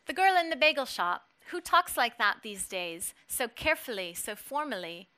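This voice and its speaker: A woman voicing a young woman writer who speaks with quick, ironic energy in a read-aloud story. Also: fairly high pitch, very animated, bright, forceful tone, clear, resonant tone, pitched above the performer's own voice. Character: young woman aspiring writer, wry and lively.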